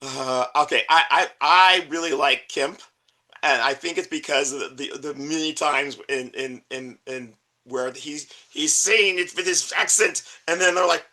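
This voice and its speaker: A man's voice: fairly high pitch, normal speed, pushed and bright. A man co-hosting a podcast in casual chat, hesitant and repeating words, laughing often. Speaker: podcast co-host.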